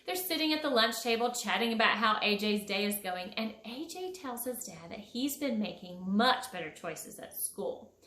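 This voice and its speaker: Woman storyteller, children's storybook reading, fairly high voice, echoey room. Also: moderate pace, hardly any pauses, a little hiss or hum. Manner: expressive, with big high jumps on sound words. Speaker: storyteller for a school.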